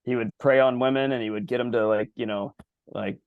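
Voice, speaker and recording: A man's voice: medium pitch, steady tone, brisk, smooth, no room sound, phone-quality sound. A man co-hosting a podcast, talking casually in a rambling, profane, loose way. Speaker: podcast co-host.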